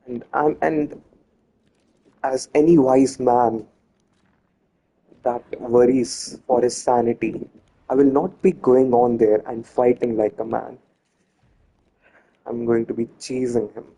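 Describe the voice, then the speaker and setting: Guy talking through his gameplay, kinda husky low-key voice, chatty and restarts his sentences a lot. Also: steady tone, slow pace, pauses often, warm tone, rough recording. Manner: chatty, self-correcting, talks to viewers. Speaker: gameplay commentator. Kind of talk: casual let's-play commentary.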